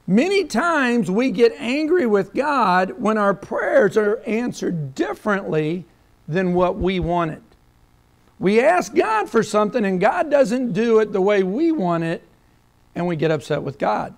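A man's voice: sits high, big pitch swings, a little slow, vocal fry. A man preaching a sermon as pastor, reading scripture and acting out quoted prayers.

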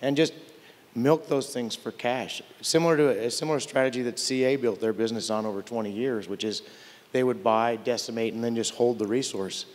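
An older man speaks on a conference panel, telling candid, wry stories about his career and often stopping to restart a sentence. His voice sits at a middle pitch. The sound has the long reverb of a large hall. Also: steady tone, brisk, a little mellow. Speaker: tech panelist.

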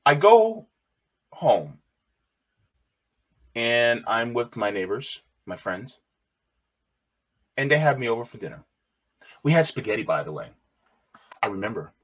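A man casually telling a personal story on his channel, animated and repeating phrases, quoting others in a raised voice. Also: medium pitch, a little slow, pauses often. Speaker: video host.

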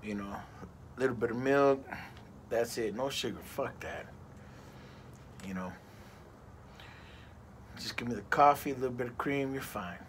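A man's voice: mid-range voice, a little slow, pauses often, slight background noise. A middle-aged man reviewing a cigar in a casual vlog, rambling and ranting with plenty of profanity.

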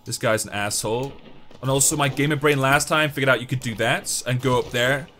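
A young man giving excitable, joking let's-play commentary while he talks to the game. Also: medium pitch, brisk. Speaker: gaming YouTuber.

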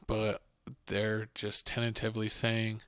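A man's voice: lowish voice, monotone, measured pace, fairly bright tone, smooth, dry recording, studio quality. A man hosting a casual sports podcast, joking bluntly and trash-talking teams. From Texas. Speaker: podcast host. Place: home studio podcast.

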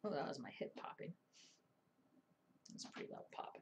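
Low gravelly woman muttering as she stitches. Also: very animated, moderate pace, long pauses, darkish tone. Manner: mutters and whispers to herself while working. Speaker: cross-stitch vlogger. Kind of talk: casual stitch-along chat.

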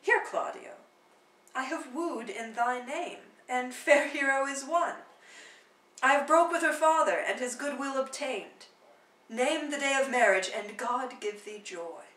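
A woman's voice: high-pitched, a little slow, fairly bright tone, reverberant, distant mic, rough recording. Woman reading as a genial matchmaking prince. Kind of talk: dramatic play reading.

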